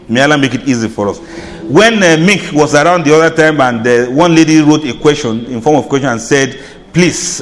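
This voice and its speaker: A man's voice: on the high side, in a large hall. A man giving an Islamic lecture, chatty and humorous, laughing at his own asides. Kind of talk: lecture to an audience.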